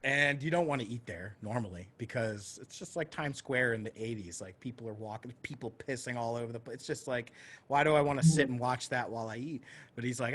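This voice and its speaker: Husky man telling a wild story. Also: medium pitch, fast talker. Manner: animated storyteller who swears freely and acts out quoted voices. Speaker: podcast co-host. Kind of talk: casual storytelling chat.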